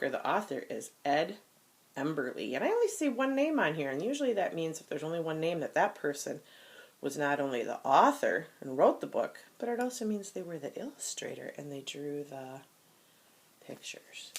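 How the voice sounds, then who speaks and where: A woman teacher reading a picture book aloud to young children, slow and exaggerated, with gasps and soft whispered asides. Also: sits low.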